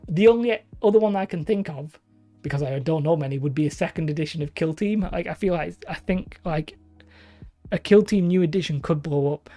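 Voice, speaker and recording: A woman's voice: low-pitched, brisk, dark tone, soft background music. A woman hosting a live stream, chatting casually and rambling as she reads out viewers' comments. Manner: rambling, chatty, self-deprecating.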